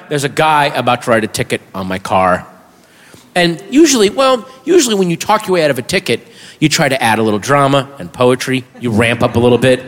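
Bright, animated stand-up comedian man. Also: fairly high pitch. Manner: animated, shouts punchlines, self-mocking. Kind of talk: stand-up storytelling. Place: comedy stage before a live audience. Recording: reverberant hall with audience murmur.

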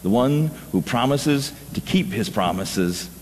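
A man preaching a sermon as a pastor, earnest and measured, often dropping low and quiet to press a point. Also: lively intonation, echoey room, in a large hall, a little hiss or hum. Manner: earnest, drops low and soft for emphasis.

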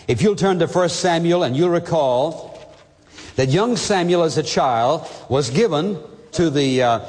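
Pastor, male, high-pitched, preaching earnestly, recorded with lingering hall reverb. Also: darkish tone. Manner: earnest, direct address to listener. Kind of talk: sermon.

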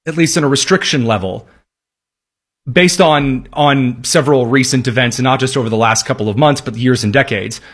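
A man's voice: on the high side, husky. Sarcastic male news commentator. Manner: wry, sarcastic, mock-folksy asides. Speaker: political commentary host. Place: studio, also aired on radio.

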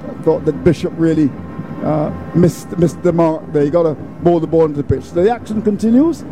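A man giving ball-by-ball cricket commentary in a steady, folksy way, dropping proverbs between deliveries. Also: a little high, a little fast, background noise.

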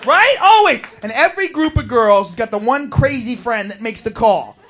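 A woman doing a brash, profane stand-up routine and shouting her punchlines. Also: a little high, lively intonation, normal speed, faint music behind. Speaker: stand-up comedian.

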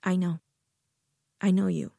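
A woman voicing a sad, tender young woman who speaks quietly. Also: fairly low pitch, fairly even intonation, measured pace, vocal fry, no room sound, clean studio sound, full character voice. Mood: gentle.

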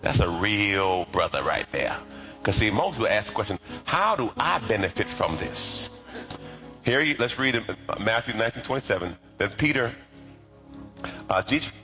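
A man preaching a sermon as pastor, lively and colloquial, with asides to the congregation. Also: lowish voice, moderate pace, faint music behind.

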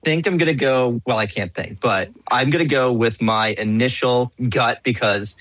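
A man's voice: medium pitch, moderate pace, fairly bright tone, dry recording, low-quality recording. A male quiz contestant who muses and doubts himself aloud before answering. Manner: musing, self-doubting, thinks aloud.

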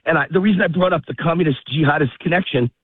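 A man's voice: on the high side, husky, no room sound. A man guesting on a political talk radio show, ranting heatedly and out of breath as he walks his dog in a park, calling in by phone. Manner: fast, heated ranting with rising emphasis. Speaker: guest commentator. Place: outdoors in a park, walking. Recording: phone-line call, dry.

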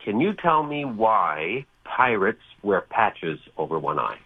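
A man calling into a radio show, polite and a little halting as he explains a puzzle. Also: on the low side, very animated, husky, no echo. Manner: polite, slightly halting, repeats words. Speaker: caller. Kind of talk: phone-in chat. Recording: phone line on radio.

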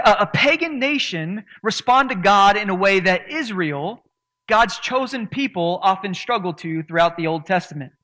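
A man delivers a sermon to his congregation with a noticeably high voice. He preaches earnestly, leaning on certain words for emphasis. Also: sharp tone. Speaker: pastor.

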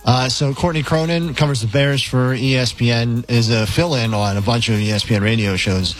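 A man's voice: medium pitch, steady tone, brisk, faint music behind, poor audio. A man casually setting up audio clips on a sports radio show. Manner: casual, with fillers. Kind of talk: sports radio segment setup.

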